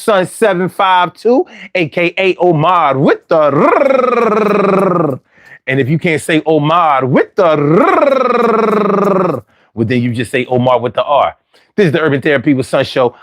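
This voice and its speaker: A man's voice: on the high side, lively intonation, normal speed, fairly bright tone, dry recording, studio quality. A man hosting a call-in talk show, talking with lots of repetition and street slang. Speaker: host.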